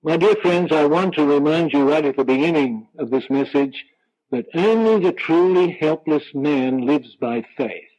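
A man delivers a sermon in a slightly high voice, slowing right down to stress each quoted line. The sound has the thin quality of an old radio broadcast. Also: lively intonation, darkish tone, dull audio. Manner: slow, emphatic preaching with drawn-out scripture quotes. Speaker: preacher.

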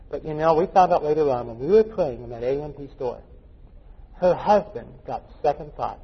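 A man's voice: on the high side, husky. A male pastor preaching a folksy, joking sermon full of anecdotes, recorded in a dull, echoey church hall. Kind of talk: storytelling sermon.

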